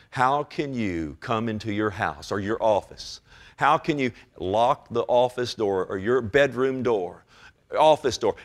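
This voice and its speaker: An impassioned man preaching a sermon. He drops into quiet, low stretches, then climbs to loud, high-pitched exclamations. His voice sits at a middle pitch for a man. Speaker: pastor.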